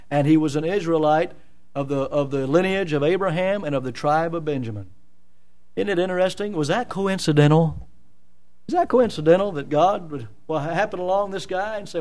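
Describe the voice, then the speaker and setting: A man preaching an expository sermon in a church, emphatic and full of rhetorical questions. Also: high voice. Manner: emphatic, rhetorical questions, dramatic voicing of scripture.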